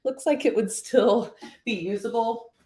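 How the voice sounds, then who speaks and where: A woman's voice: a little high, a little slow, mellow, echoey room. A woman chatting casually and upbeat to viewers about her thrift finds. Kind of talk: casual haul vlog.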